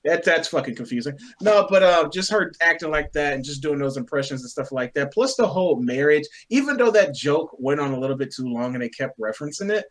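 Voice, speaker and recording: Laid-back swearing man, slightly high voice. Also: expressive, brisk, hardly any pauses. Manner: laid-back, swears a lot, acts out reactions. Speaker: podcast co-host. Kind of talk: casual chat.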